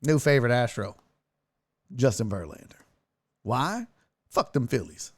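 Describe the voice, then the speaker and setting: Here the sports-stream host speaks in a mid-range voice, unhurried and with long pauses, as he reacts to clips. Excitable and foul-mouthed, he laughs a lot and does mocking impressions of fans in his casual commentary.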